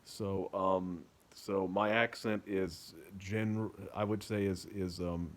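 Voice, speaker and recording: A man's voice: low voice, steady tone, slow. A man from Kentucky with a general American accent and slight Kentucky undertones, talking casually to camera in a hesitant way, with many ums and restarts. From Kentucky, USA. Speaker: author vlogger.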